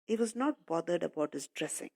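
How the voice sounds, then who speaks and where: A woman's voice: on the low side, expressive, a little fast, gravelly, a little mellow, slightly rough. A woman English teacher explaining a story to schoolchildren, patiently repeating and paraphrasing while calling them children.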